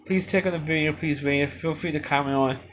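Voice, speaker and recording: A man's voice: on the high side, fairly even intonation, quick pace, a little hiss or hum. Rambling man reviewing a movie. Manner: rambling, many restarts and fillers. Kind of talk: unscripted solo review.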